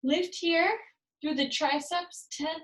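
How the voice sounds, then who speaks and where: High-voiced woman calmly cueing a workout. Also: slow pace, echoey room, low-quality recording. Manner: calm cueing, counts down reps, slips in Spanish phrases. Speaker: yoga and fitness instructor. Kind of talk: guided workout instruction with counting.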